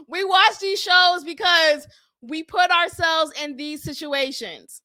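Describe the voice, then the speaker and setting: A young adult woman hosting a casual, animated recap of a reality show, acting out quotes and laughing often. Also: very high voice, takes it slowly, long pauses.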